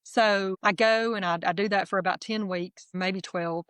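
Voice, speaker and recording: A middle-aged woman, candidly telling her personal testimony as a guest in a lively, self-deprecating way. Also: mid-range voice, moderate pace, smooth, no room sound.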